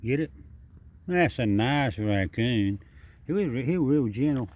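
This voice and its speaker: A man's voice: medium pitch, lively intonation, measured pace, a little mellow, slight background noise. A man's voice in a middle register, chatty and repetitive as he talks to a wild animal. He narrates casually outdoors at night. The sound comes from a handheld camera. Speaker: wildlife video maker.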